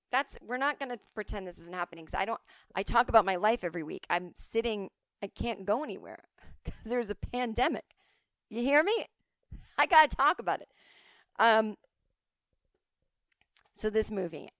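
A woman hosting a podcast from home, talking casually and telling stories in an animated way, often jumping into quoted voices. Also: on the low side, clean tone, dry recording. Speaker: podcast host. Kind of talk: casual monologue.

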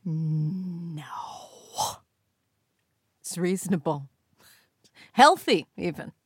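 An actress playing a sociopathic female court assassin who speaks deadpan and scolds herself aloud. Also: on the low side, drawn-out words, breathy edge, dry recording, clean studio sound, heavily acted. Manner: deadpan, talks herself in and out of things.

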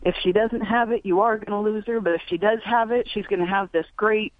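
Emotional mom calling in, lots of pauses, thin phone line sound, dry. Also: female voice, mid-range voice, steady tone, no echo. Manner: halting, emotional, many pauses. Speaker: caller. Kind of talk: call-in conversation.

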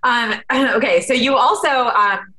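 A woman's voice: on the high side, unhurried, pushed and bright. A woman co-host asking about soap and TV projects in a chatty way with fillers. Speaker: interview co-host. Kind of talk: interview questions.

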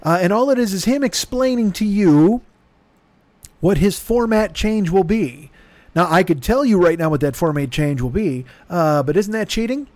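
Man, podcast host, slightly high voice, rambling comic monologue, profane, self-mocking, dry close sound. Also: lively intonation, normal speed, darkish tone, no room sound.

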